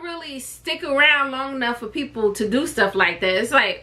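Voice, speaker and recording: A woman who is a vlogger and a mother tells a personal story to camera, chatty and expressive, with frequent tangents. She has a high-pitched voice and talks at normal speed.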